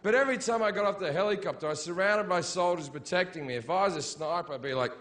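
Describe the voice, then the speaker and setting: A middle-aged man telling a crude war story as a stand-up comedian, breaking into shouted punchlines. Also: high-pitched, fast talker. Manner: crude, shouty punchlines with sudden yelled quotes. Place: comedy stage before a laughing audience.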